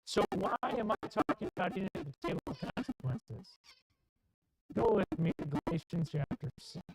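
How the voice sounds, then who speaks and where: A man delivers a sermon in a church, pressing each point with emphatic, repeated phrases. His pitch rises and falls in lively swings, and clear music plays in the background. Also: normal speed, low-quality recording. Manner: emphatic, repetitive preaching cadence. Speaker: preacher. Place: church sanctuary.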